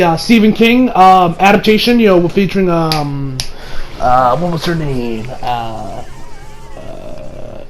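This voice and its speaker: A man with a high voice gives a casual recap of an anime episode. He rambles loosely and stacks filler words between his thoughts. His delivery is relaxed and conversational. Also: a little hiss or hum, rough recording. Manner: rambling, full of "like" and "you know" fillers. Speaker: anime reviewer.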